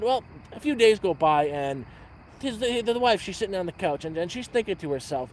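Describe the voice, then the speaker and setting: A man telling a dirty joke on a livestream at an outdoor campfire, rambling and repeating words, with loud sound effects. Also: sits high, animated, brisk, slight background noise. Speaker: livestream host.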